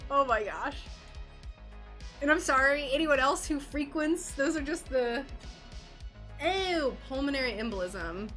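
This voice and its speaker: A woman's voice: sits high, lively intonation, unhurried, long pauses, a bit bright, soft background music. A woman streaming her glass painting, chatting casually and greeting viewers by name in a bubbly, talkative way. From United States. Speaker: craft streamer.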